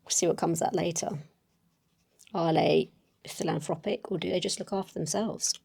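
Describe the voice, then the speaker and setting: A woman's voice: on the low side, fairly even intonation, normal speed, gravelly, mellow, slightly rough. A woman playing a solo tabletop game, thinking aloud as she writes, hesitant and full of self-corrections.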